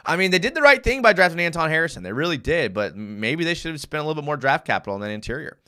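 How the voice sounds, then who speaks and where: A young man hosting a live fan show and breaking down game film, animated and easily worked up as he reads viewer comments. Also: on the high side, rapid-fire, clean tone.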